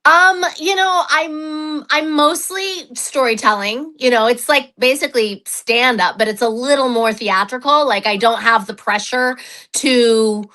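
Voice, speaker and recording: A chatty woman from New Mexico gives an interview about her stage work. Her voice sits a little high and has a bright, forward tone. She pokes fun at herself and fills pauses with ums. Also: low-quality recording. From New Mexico, USA. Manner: chatty, self-deprecating, frequent fillers. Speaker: interview guest, solo stage performer. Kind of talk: casual interview chat.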